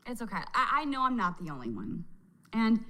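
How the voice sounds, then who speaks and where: A woman's voice: on the high side, sing-song, brisk, bright, forceful tone, low-quality recording. A woman hosting a casual reaction chat, a mother who laughs a lot and exclaims often as she talks. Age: adult mother. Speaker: reaction video host.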